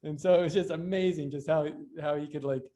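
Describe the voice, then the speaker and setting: Speaking quickly, the man has a slightly high voice that stays steady and carries a dark tone. He's a BMX rider guesting on a podcast, spinning lengthy stories in a relaxed interview with lots of fillers and false starts.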